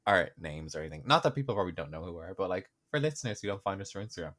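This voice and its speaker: A man's voice: low-pitched, animated, racing, fairly bright tone. A young man co-hosting a podcast in casual, sarcastic chat. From Ireland. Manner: chatty, joking, sarcastic. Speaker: podcast co-host.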